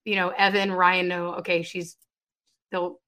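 A middle-aged woman, a guest on a faith interview show, telling her story in an emphatic, animated way with sudden loud bursts. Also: on the low side, unhurried, smooth. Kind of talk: conversational testimony.

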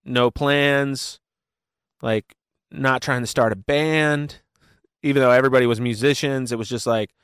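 A man talking casually in an interview, animated and full of fillers as he tells his story. His voice is smooth and resonant, at a middle pitch, and the recording is dry and close. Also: no room sound. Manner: animated storyteller with many fillers and quick asides. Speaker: worship pastor, guest.

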